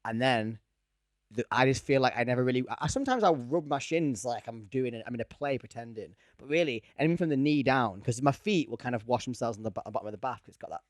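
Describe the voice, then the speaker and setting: A man's voice: mid-range voice, animated, fast, no room sound. A man co-hosting a casual podcast, rambling and joking at his own expense. His voice is dry and close, with no room sound around it. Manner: rambling, jokey, self-mocking. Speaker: podcast co-host.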